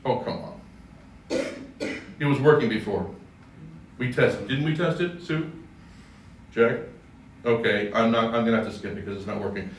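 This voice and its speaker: A man's voice: mid-range voice, normal speed, long pauses, a little hiss or hum. Man telling stories in an echoey hall. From California, USA. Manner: chatty storytelling, jokey, self-correcting. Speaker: speaker, singer. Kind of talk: anecdotal public talk. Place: church hall. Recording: echoey hall, distant mic, faint ambience.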